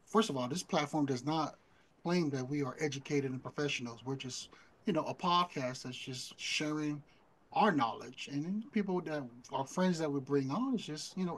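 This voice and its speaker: A man's voice: a little high, rough recording. A man with an American Samoan accent hosting a podcast, talking easygoing and offering friendly disclaimers. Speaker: podcast host. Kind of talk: casual chat.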